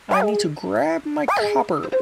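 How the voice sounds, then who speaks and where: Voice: medium pitch, big pitch swings, measured pace, vocal fry, heavy background noise. A gaming streamer giving casual, offhand let's-play commentary and muttering to themself. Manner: mumbling, offhand, muttering to self.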